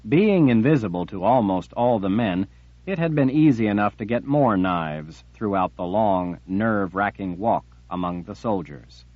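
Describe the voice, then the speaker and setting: A man reading an audiobook in a steady, measured way. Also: lowish voice, dry recording, phone-quality sound. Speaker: audiobook narrator. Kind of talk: audiobook narration.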